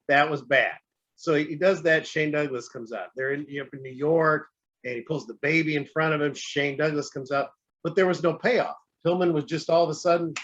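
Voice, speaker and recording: Guy hosting a podcast, talky, kinda high, muffled lo-fi audio. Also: fairly bright tone. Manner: chatty, asks long rambling questions. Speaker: podcast host. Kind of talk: casual interview chat. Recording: dull lo-fi audio.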